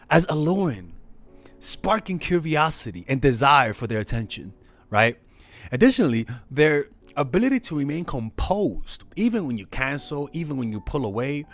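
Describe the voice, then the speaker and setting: A man talking as a dating coach in a loose, conversational monologue, restarting phrases and checking in with tag questions. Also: mid-range voice.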